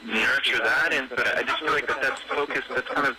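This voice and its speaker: Brief: male radio guest, halting and repetitive, mid-pitched voice, heavy noise on the broadcast. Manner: stammering, halting, many restarts. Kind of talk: emotional on-air conversation.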